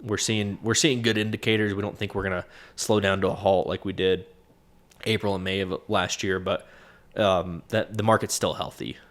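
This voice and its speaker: A man's voice: low voice, fairly even intonation, normal speed, a bit bright. A man with a stuffy, nasal voice, co-hosting a casual business podcast and giving plainspoken advice. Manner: plainspoken, advisory. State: stuffy nose from smoke. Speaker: co-host, property manager.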